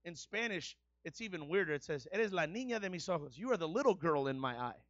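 A man preaching a sermon, shifting from a conversational, folksy delivery to loud, repetitive exhortation. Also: a little high, expressive, fast talker, no room sound, dull audio. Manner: builds to loud, repetitive call-and-response preaching.

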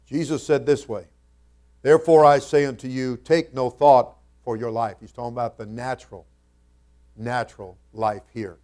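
A male pastor delivering a sermon at a medium pitch. He talks casually and thoughtfully, then builds to loud, emphatic stretches as he reads scripture in old-fashioned wording. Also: steady tone, moderate pace. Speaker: senior pastor.

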